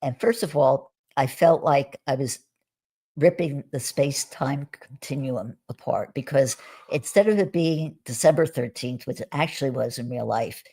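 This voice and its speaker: Low husky-voiced woman telling a story. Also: moderate pace, warm tone. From United States. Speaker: guest. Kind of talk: conversational storytelling on a live stream. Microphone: video call.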